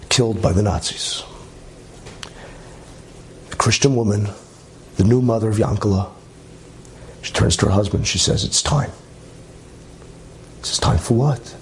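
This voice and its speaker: A man telling a religious story in a lively way, with chatty asides and many okays. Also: lowish voice, a little hiss or hum. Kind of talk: animated storytelling talk.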